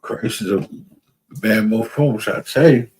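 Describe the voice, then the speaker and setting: A religious class teacher preaches to his class, reading out scripture verses, repeating phrases for emphasis, and often asking if listeners understand. His lowish voice is unhurried and darkish, with a little hiss or hum on the recording.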